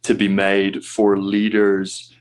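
A male podcast host with a somewhat low voice chimes in with his own reflections. He speaks thoughtfully in an interview conversation. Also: completely flat delivery, slow, slight background noise.

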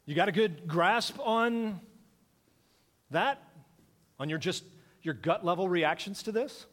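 A man's voice: sits high, lively intonation, slow, fairly bright tone. Man preaching a sermon, echoing hall. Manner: conversational, asks the congregation questions. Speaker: pastor.

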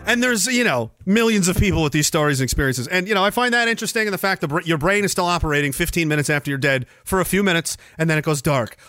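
A man's voice: on the high side, lively intonation, fast talker, few pauses, pushed and bright. A man hosting a livestream, telling a story in a crude, joking way and laughing often. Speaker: podcast host. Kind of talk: casual livestream chat.

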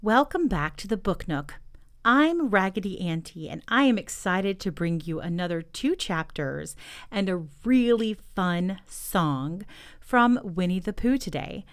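A woman hosting a children's story podcast, reading a book aloud gently and enthusiastically. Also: medium pitch, animated, a little slow, clean tone, dry recording, clean studio sound. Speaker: storybook reader and podcast host.

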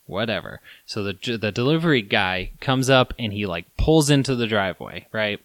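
Male podcast host, bright and forceful tone, dry close sound, animated storyteller. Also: on the low side, normal speed, no room sound. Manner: animated storyteller, acts out his own yelling. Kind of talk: casual podcast chat.

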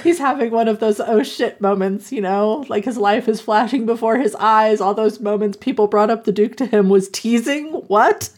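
A woman with a voice on the high side recaps a romance novel's plot for her podcast, speaking at a moderate pace with few pauses. It's a casual, animated chat in which she laughs often and acts out the characters' lines.

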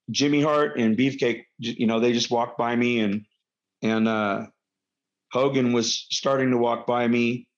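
A middle-aged man and former pro wrestler telling stories casually, rambling with lots of fillers and self-corrections. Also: lowish voice. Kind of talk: casual anecdotal storytelling. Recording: dull lo-fi recording.

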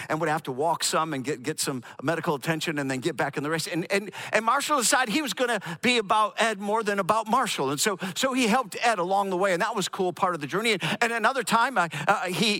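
A man telling a personal story in a casual, halting way, often repeating words and restarting his sentences. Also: sits high, pushed and bright.

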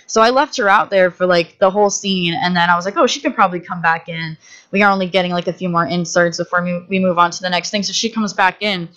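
Animated woman telling stories. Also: on the low side, quick pace. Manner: animated, acts out quoted voices, many fillers. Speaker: podcast guest, film director. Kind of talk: casual storytelling.

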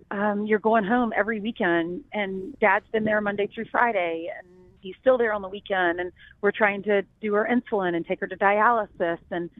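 A woman's voice: mid-range voice, no echo. A middle-aged woman from South Carolina speaks as an interview guest, earnest and heartfelt, often restarting her sentences. Her voice sits mid-range and comes through a dry, thin, phone-like line. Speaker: guest, TV news anchor. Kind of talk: emotional personal storytelling.

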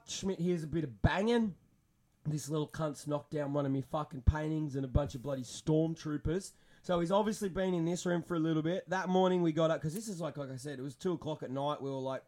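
A young man telling a story in casual podcast chat, animated and swearing constantly. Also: on the high side, a little fast. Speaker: podcast co-host.

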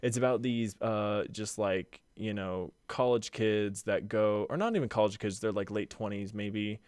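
Rambling young man, low and dry. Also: measured pace, darkish tone, clear, resonant tone, dry recording. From Utah, USA. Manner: rambling, lots of fillers and profanity. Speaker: podcast co-host. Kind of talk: casual chat.

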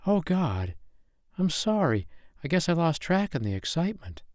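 A man putting on a high, exasperated young woman. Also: very animated, normal speed, darkish tone, no echo, clean studio sound. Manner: exasperated, squeamish exclamations.

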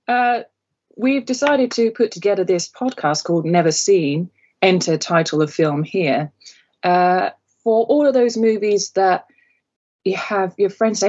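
A woman hosting a podcast in casual chat, chatty and a little nervous, often pausing on fillers. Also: mid-range voice, animated, a little mellow, breathy edge, lo-fi sound. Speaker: podcast host.

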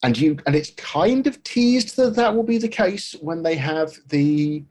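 A man's voice: fairly high pitch, animated, unhurried, darkish tone. A man co-hosting a podcast, talking casually about a film with many restarts and fillers. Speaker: podcast co-host.

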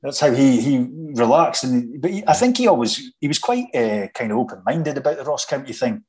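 A Scottish man, a former footballer, chatting casually and telling stories with halting restarts. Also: mid-range voice, expressive, a little mellow, low-quality recording. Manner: halting, many restarts, anecdotal. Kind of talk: casual chat.

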